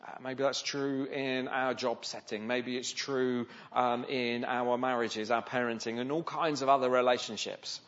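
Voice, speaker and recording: A man's voice: mid-range voice, steady tone, a little slow, few pauses, a bit bright. A man preaching a sermon in a conversational way, often asking the listeners rhetorical questions. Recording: slightly dull, lo-fi sound.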